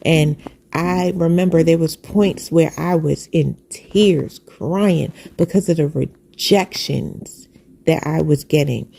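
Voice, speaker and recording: A woman with a deep, warm, gravelly voice speaks slowly as she gives a heartfelt personal testimony of faith. She is earnest and repetitive, using preacherly phrasing.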